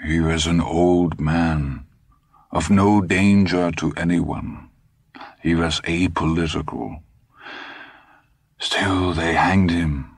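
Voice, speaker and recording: A man's voice: low voice, steady tone, breathy edge, dry recording, exaggerated voice. A man voicing a dry, cynical old fugitive. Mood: grim. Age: older. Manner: dry, sardonic, measured.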